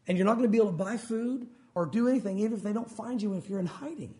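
Male preacher with a very high voice, emphatic sermon delivery, acts out quoted voices. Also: very fast, a little mellow. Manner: acts out quoted voices, rising pitch for pleading lines.

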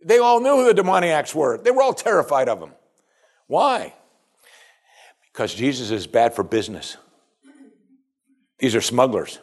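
A man delivering a sermon in a steady middle-pitched voice. He presses his points hard and keeps coming back to pointed rhetorical questions. His pacing builds and drops as he talks straight to the congregation. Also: normal speed, long pauses. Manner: emphatic, repeats rhetorical questions. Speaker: preacher.

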